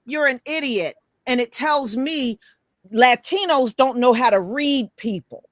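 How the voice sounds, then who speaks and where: A woman's voice: high-pitched, animated, a little slow, fairly bright tone, no echo, studio quality. Blunt, emphatic woman host. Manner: blunt, emphatic, swears freely. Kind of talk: casual opinion talk.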